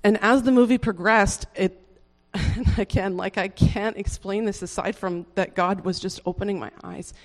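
A speaker telling a personal conversion testimony in a casual, earnest and halting way, with many restarts, fillers like "like", and soft laughs. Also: mid-range voice, fairly even intonation, long reverb tail.

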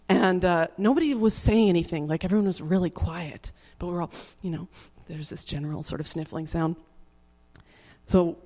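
A speaker telling a personal conversion testimony in a casual, earnest and halting way, with many restarts, fillers like "like", and soft laughs. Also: mid-range voice, in a large hall.

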